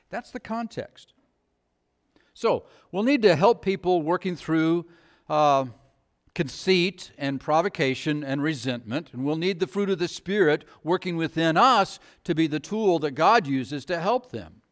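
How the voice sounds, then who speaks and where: Middle-aged guy pastor giving a sermon, talky, throws questions at the congregation, voice a bit on the high side. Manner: conversational preaching with rhetorical questions to the congregation.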